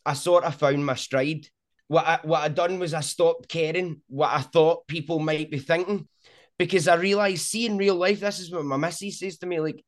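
Scottish guy chatting in an interview, thick accent, lively storyteller, voice sits a bit high. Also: normal speed. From Scotland. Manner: animated storyteller, frequent "do you know what I mean". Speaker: sumo content creator. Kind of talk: casual interview chat.

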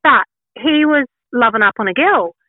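An Australian woman telling a lively story in casual chat, acting out her own quotes. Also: a little high, normal speed, dry recording. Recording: tinny phone line.

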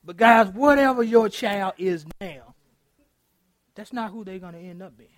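A middle-aged man preaches with a very high, ringing voice. He is animated and laughs often, keeps checking in with his congregation, and sounds close and dry with no echo. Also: measured pace. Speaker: pastor. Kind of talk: interactive sermon. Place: church.

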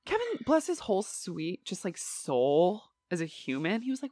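A woman in casual podcast chat, animated and swearing freely. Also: on the low side, normal speed, dry recording, clean studio sound.

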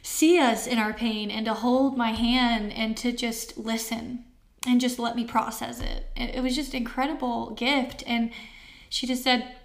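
A woman in her thirties giving a personal testimony as an interview guest, emotional and halting with many fillers, near tears. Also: fairly high pitch, steady tone.

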